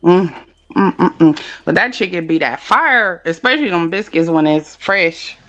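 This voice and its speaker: Woman telling stories, animated and profane. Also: lowish voice, normal speed, no room sound, highs cut off. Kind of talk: casual chat.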